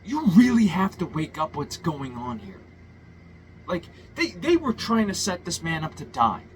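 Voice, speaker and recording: A man's voice: high voice, huge pitch swings, a little slow, a little hiss or hum, low-quality recording. A man ranting a political monologue, profane and heated, full of stumbles and restarts. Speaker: political commentator.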